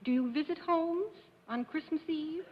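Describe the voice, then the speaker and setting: High-voiced woman questioning on a panel. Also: measured pace. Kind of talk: guessing-game questioning. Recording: lo-fi 1950s TV broadcast with hall reverb.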